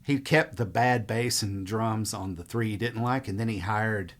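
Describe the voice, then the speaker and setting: A middle-aged musician, talking in a loose, rambling interview style. His voice sits a little low, and he leans on fillers as he wanders through his stories. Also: normal speed. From Mississippi. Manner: relaxed, rambling, frequent fillers. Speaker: musician guest. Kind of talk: casual interview storytelling.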